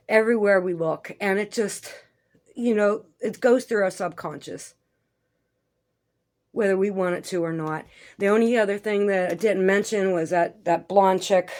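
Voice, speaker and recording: A woman giving rambling, conspiratorial commentary over a video as a vlogger. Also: mid-range voice. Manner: rambling, conspiratorial, swears casually.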